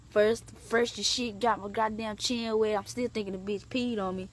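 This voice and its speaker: A young woman telling a story in a casual vlog, animated and profane, leaping up in pitch for emphasis. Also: moderate pace, hardly any pauses, slight background noise. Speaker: vlogger.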